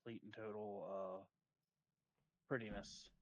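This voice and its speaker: Jogador de rpg com humor seco. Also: male voice, lowish voice, flat delivery, measured pace, no echo. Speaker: player. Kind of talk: casual chat at a game table.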